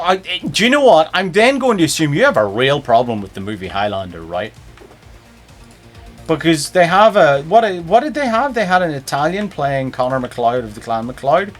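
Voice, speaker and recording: Man, game streamer, joking, lively swinging pitch. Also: moderate pace, faint music behind. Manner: joking, rambling, playful. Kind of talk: casual gameplay stream chat.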